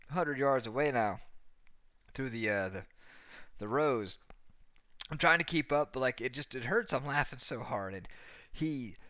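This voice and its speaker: A young man recounts a rowdy anecdote in loose, rambling fashion, swearing and laughing as he goes. His voice is bright and forceful, recorded dry and close. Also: medium pitch, dry recording. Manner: rambling, profane, laughing often. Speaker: storyteller. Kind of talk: casual anecdote telling.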